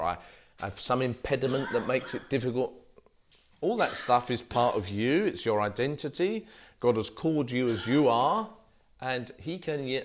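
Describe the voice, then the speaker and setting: Chuckling preacher telling stories. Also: male voice, mid-range voice, a little hiss or hum. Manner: self-deprecating, anecdotal, with frequent restarts and chuckles. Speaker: street preacher giving a talk. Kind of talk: informal teaching talk. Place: meeting room with a small audience.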